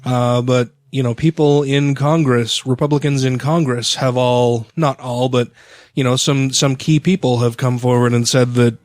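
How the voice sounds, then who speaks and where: A man's voice: medium pitch, steady tone, normal speed, darkish tone, dry recording, clean studio sound. Profane, rambling podcast co-host man. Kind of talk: casual chat.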